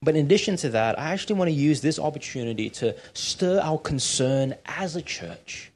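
A man's voice: fairly high pitch, expressive, moderate pace, a little mellow, breathy edge. A man preaching a sermon in church, conversational and often checking in with his listeners. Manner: conversational, often asks "right?".

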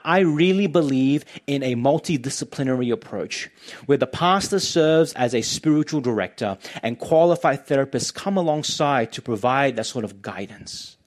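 A man delivering a sermon as a pastor, speaking earnestly and with pastoral care to his congregation. His voice sits in an ordinary middle range. He sometimes repeats a word as he begins a thought. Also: mid-range voice.

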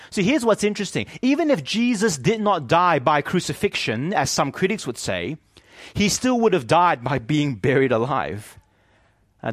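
A man preaching a sermon as pastor, animated and often asking his listeners questions. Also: fairly high pitch, dry recording, studio quality.

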